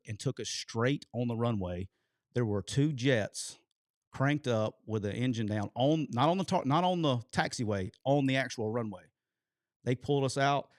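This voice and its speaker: A man, co-hosting a show and telling a long story in an animated way, swearing casually. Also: mid-range voice, dry recording, clean studio sound. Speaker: co-host telling a coaching story.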